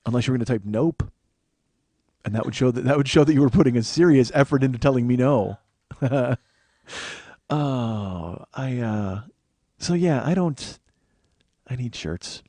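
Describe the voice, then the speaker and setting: A man's voice: medium pitch, measured pace, long pauses, dark tone, no echo. An American man in his forties hosting a comedy podcast, rambling through a profane, self-mocking solo monologue. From United States. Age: 40s. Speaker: podcast host.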